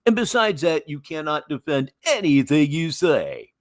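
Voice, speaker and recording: A man's voice: a little high, very animated, moderate pace, dry recording, studio quality. A man in his sixties hosting a livestream, telling rambling stories in a wry, casual way. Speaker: livestream host. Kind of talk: casual storytelling and live commentary.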